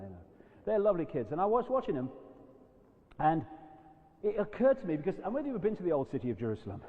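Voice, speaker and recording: A man giving a live lecture to an audience, animated and emphatic, swinging between loud outbursts and quiet asides. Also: a little high, rapid-fire. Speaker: public speaker. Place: large lecture hall. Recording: dull echoey hall recording.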